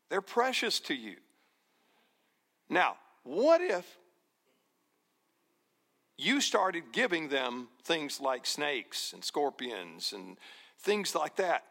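Male pastor preaching; bright, slightly high voice, deliberate and emphatic. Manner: slow, emphatic preaching with repeated phrases, dropping to near-whispers. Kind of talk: sermon.

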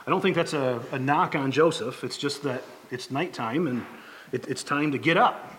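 A man preaching a sermon as a pastor, talking in a conversational, halting way with frequent restarts and fillers. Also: mid-range voice, a bit bright, slight background noise.

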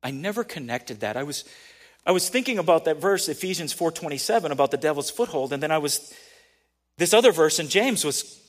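A man's voice: on the high side, expressive, fairly quick. A man preaching a sermon in a conversational way, building to emphatic peaks. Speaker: pastor.

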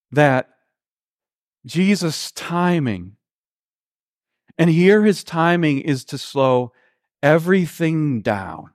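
A man preaching a sermon, retelling a Gospel story in an earnest, halting way, with frequent restarts and slow, quiet quotations. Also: on the high side. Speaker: pastor.

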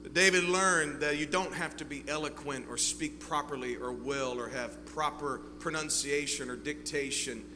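A male pastor preaching a sermon with fervent swings between loud and hushed delivery. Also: on the high side, moderate pace, hardly any pauses. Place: church sanctuary. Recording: reverberant hall with faint hum.

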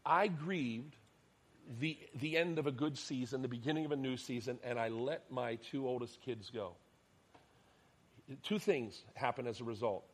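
Preaching a sermon full of personal stories, this middle-aged pastor speaks at a moderate pace with a medium, slightly rough voice. His animated delivery rises loudly for emphasis and then falls to almost a whisper.

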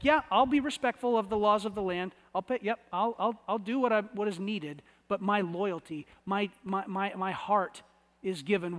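A man's voice: sits high, long reverb tail. A man from the United States preaching a sermon, conversational and often repeating words as he searches for the phrasing. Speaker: pastor.

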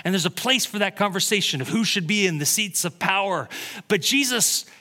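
Male pastor, bright and lively, preaching in a reverberant hall. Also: high-pitched, fairly quick. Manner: animated storytelling, laughing at own jokes. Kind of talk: sermon.

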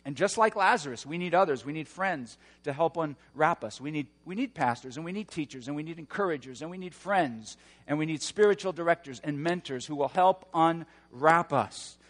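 Dynamic male preacher, fairly high voice. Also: animated, moderate pace, hardly any pauses, big-room sound. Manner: dynamic preaching, swings from hushed to shouting. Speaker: pastor. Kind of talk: sermon.

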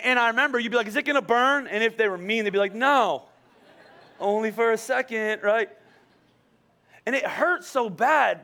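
High, bright-voiced male pastor preaching. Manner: animated storytelling with quoted dialogue and rhetorical questions. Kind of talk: sermon.

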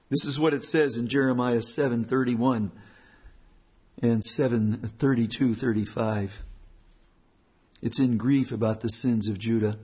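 Husky-voiced man preaching a sermon. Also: medium pitch, fairly even intonation, a little slow, pauses often, darkish tone. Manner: earnest, emphatic repetition. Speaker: elder preaching.

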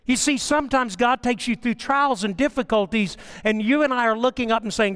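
An older male pastor delivers a sermon, weaving personal family stories into scripture. His voice sits fairly high for a man and swells with passion as he drives home each point. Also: normal speed, hardly any pauses, fairly bright tone, smooth. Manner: impassioned, storytelling preacher with swelling emphasis.

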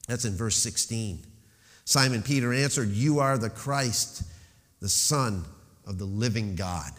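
A man preaching a sermon as pastor, emphatic, slowing to stress key phrases and dropping into rhetorical questions. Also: lowish voice, a bit bright, long reverb tail.

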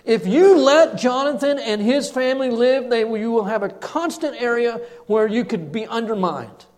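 A male pastor preaching a sermon, telling a personal story with animated delivery and hushed drops for emphasis. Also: very high-pitched, normal speed.

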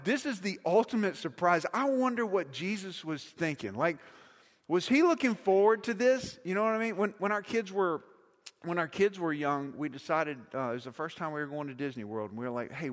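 A middle-aged man delivers a sermon in a fairly high voice. He talks to the congregation like a friend and says key phrases twice for weight. His voice rings out with the long reverb of a big hall. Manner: conversational preaching with repeated phrases for emphasis. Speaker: pastor.

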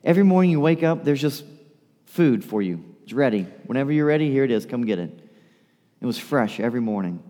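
A man's voice: medium pitch, lively intonation, fairly quick, dark tone, big-room sound. A male pastor preaching a sermon in a conversational way, turning to the congregation with rhetorical questions.

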